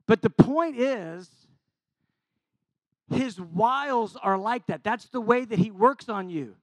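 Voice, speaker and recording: A middle-aged man giving an informal sermon as a Bible teacher. He talks in an animated, conversational way, acting out quotes with self-deprecating humor. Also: sits high, slow, no room sound.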